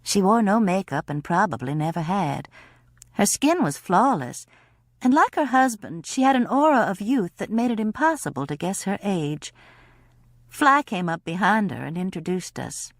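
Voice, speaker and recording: A woman narrating an audiobook in a wry, expressive way. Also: mid-range voice, normal speed, no echo, clean studio sound. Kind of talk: scripted narration.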